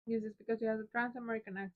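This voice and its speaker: A woman's voice: fairly high pitch, level tone, rapid-fire. A woman co-hosting a casual live stream, chatty as she reads out viewer comments. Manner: chatty, reads out chat comments with light laughter. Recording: dull lo-fi stream audio.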